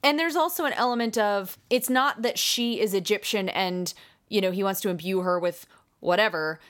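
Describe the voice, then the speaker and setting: A woman's voice: medium pitch, moderate pace. A woman co-hosting a film podcast, chatting casually and animatedly, laughing often. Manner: animated, laughs often, does mock voices. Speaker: podcast co-host. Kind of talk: casual chat about films.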